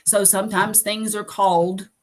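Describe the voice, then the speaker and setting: A woman's voice: mid-range voice, level tone, moderate pace. A middle-aged woman with a Southern accent hosting a live stream, telling stories in a rambling, self-amused way. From United States. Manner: rambling, many fillers, laughs at herself. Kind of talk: casual chat on a live stream.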